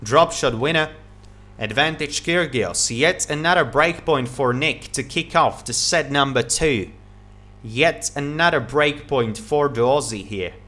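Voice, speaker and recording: Calling a tennis match live, a medium-pitched male commentator rattles off each shot rapidly. Big points get him excited, and he praises the play over and over.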